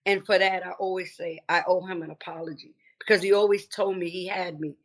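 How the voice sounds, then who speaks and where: A woman's voice: on the low side, a little fast. An older woman with an East Coast American accent, a guest on an interview show telling her story animatedly. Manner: warm, grateful, animated storytelling. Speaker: guest business founder. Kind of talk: casual interview chat.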